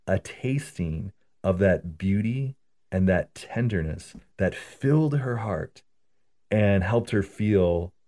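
A man's voice: sits low, dark tone. A man, a priest, teaching about prayer in a conversation, earnest and story-driven, often adding "right?".

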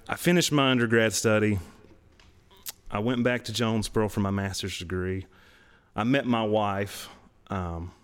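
Man in his thirties, low-pitched, casual podcast testimony, animated delivery with sudden high jumps. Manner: animated, laughs while telling stories, voice jumps way up for emphasis. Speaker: podcast co-host.

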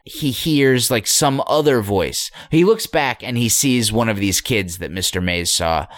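A man in casual chat, talking through a story he read, halting with many restarts and fillers. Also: medium pitch, fairly bright tone, no room sound, studio quality. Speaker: story discussion co-host.

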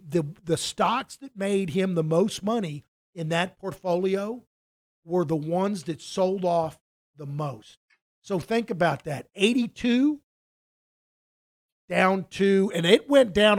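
A middle-aged financial advisor with a high-pitched voice tells a story in casual conversation. He rambles, restarts often, and acts out the quoted dialogue.

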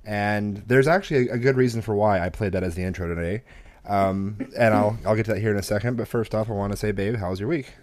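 A man's voice: fairly low pitch, fast talker, darkish tone, no room sound. A young man hosting a podcast in casual chat, rambling and laughing, with frequent restarts. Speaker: podcast host. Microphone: podcast microphone.

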